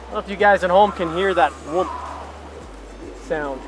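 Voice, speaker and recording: A man's voice: sits high, normal speed, music in the background. A man casually explaining his hobby outdoors on a hilltop, talking step by step with plenty of fillers. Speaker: RC glider pilot and vlogger. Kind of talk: casual outdoor vlog with tips. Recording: wind noise on an outdoor camera mic.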